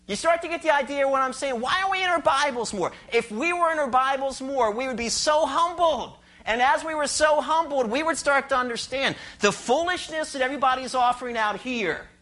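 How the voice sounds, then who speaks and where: A pastor preaching a sermon with emphasis, putting rhetorical questions to the congregation and reading scripture aloud with slow stress. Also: mid-range voice, sharp tone.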